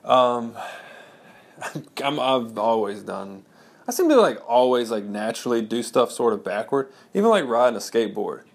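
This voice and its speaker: A man's voice: medium pitch, big pitch swings, moderate pace, creaky. A man in his thirties talking casually to his audience, rambling with many fillers and restarts. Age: 30s. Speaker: blogger. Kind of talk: casual personal monologue.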